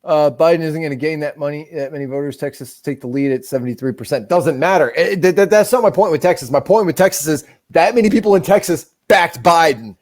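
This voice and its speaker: A man's voice: fairly high pitch, quick pace, few pauses, a little mellow. Profane joking man hosting a livestream. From New Hampshire, US. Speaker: livestream host. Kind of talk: casual livestream commentary.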